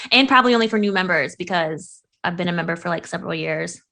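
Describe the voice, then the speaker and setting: A young woman co-hosting a podcast in casual chat, playful and quick to laugh, swearing freely. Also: on the low side, steady tone, creaky, a bit bright. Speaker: podcast co-host.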